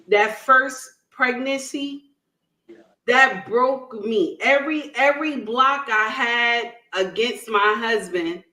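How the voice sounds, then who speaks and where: Her voice is a little high with a sharp tone as this online panel guest tells her personal story. She speaks with emphasis and checks in with "right?" and "okay?", and the recording sounds roomy and echoey.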